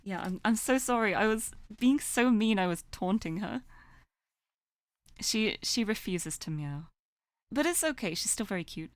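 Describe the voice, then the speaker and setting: A woman's voice: medium pitch, lively intonation, a little slow, dry recording, clean studio sound. A woman streaming a game, chatting casually and playfully with viewers. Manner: playful, coos and baby-talks to her cat. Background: game music.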